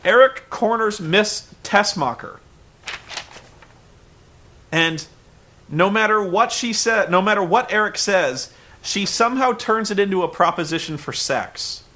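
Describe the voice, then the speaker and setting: Sarcastic male reviewer, bright forceful tone, a bit high. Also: animated, a little slow, pauses often. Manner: sarcastic, exasperated. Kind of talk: comedic recap.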